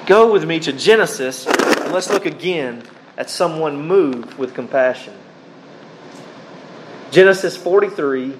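A male preacher delivering a sermon, calling his listeners beloved and reading scripture passages aloud. He speaks in short, deliberate phrases with pauses between them. A faint air-conditioning hum sits behind his voice. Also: a little high, expressive.

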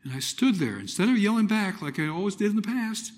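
A middle-aged man preaching a personal testimony, telling it dramatically with loud exclamations and hushed, near-whispered moments. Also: sits high, big pitch swings, a little fast. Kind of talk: sermon testimony.

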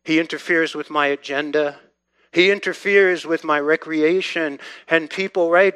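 A man delivers a sermon in a fairly high voice, hammering points through repetition. He sinks to near-hushed lines, then climbs to loud, urgent bursts. The sound is dry, with no room around it. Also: steady tone, moderate pace, clean tone, no room sound. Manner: emphatic, repetitive, swings between quiet and loud. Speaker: pastor.

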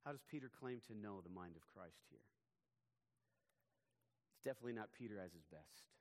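A pastor preaching a sermon, earnest and emphatic. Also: male voice, fairly low pitch, lively intonation, normal speed, darkish tone. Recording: long hall reverb.

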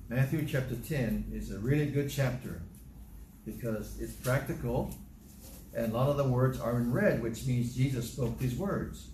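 Working through a psalm in his sermon, a preacher reads scripture and retells it plainly, as if chatting. His mid-range voice is a little mellow and moves at a moderate pace, while the echoey recording carries a slight hiss or hum.

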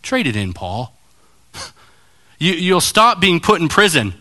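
Man pastor preaching, bright forceful voice, a bit high, direct and challenging. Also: a little slow. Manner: animated storytelling, acting out voices. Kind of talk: sermon.

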